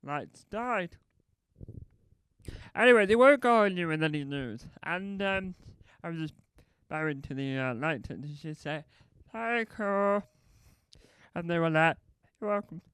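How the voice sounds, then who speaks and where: A man's voice: fairly high pitch, animated, unhurried, pauses often, fairly bright tone, smooth, dry recording. A man doing stand-up comedy, telling a meandering anecdote that keeps correcting itself and acting out both sides of conversations.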